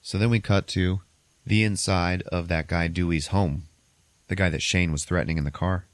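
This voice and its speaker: Low-voiced man recapping a movie casually. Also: moderate pace, dry recording. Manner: profane, animated storytelling. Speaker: podcast host.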